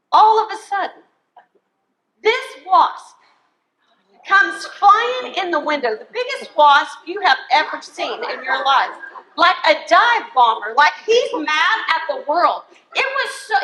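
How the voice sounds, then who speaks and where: A woman, a Bible teacher telling a funny story to her study group in an animated, laughing way, squealing when excited. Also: sits high, echoey room, low-quality recording.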